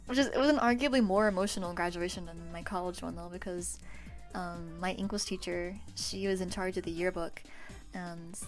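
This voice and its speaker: A woman's voice: on the low side, darkish tone. A woman in her twenties chatting casually with her stream viewers, loose and profane, laughing often. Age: 20s. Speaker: livestreamer.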